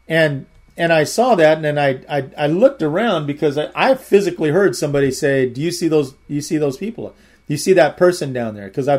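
A man's voice: fairly high pitch, darkish tone. A man giving a sermon, telling a personal testimony in an earnest, rambling way and often repeating his words. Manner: earnest storytelling.

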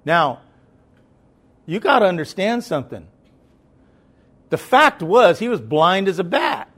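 This sermon comes from a man whose voice sits high and sounds very animated, yet he takes his time. He talks conversationally, often confirming that listeners are following, and then rises into loud, emphatic proclamation.

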